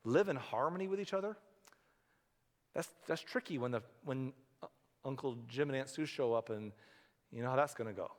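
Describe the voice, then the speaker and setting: A man preaching a sermon as a pastor, in a conversational way, often acting out the voices of the people he talks about. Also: medium pitch. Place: church sanctuary. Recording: church hall reverb.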